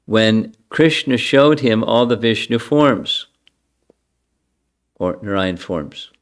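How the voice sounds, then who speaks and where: Older guy slowly going through scripture, low voice, chants a verse then talks it over. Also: animated. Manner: chants verses, then explains them, conversational. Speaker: spiritual teacher giving a scripture class. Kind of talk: scripture lecture.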